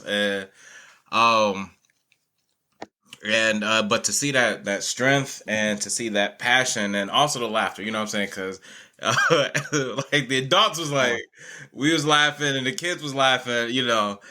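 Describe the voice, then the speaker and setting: A male guest educator telling animated, laughing stories and acting out other people's lines in conversation. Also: medium pitch. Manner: animated, laughing, acts out quotes. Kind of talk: conversational storytelling.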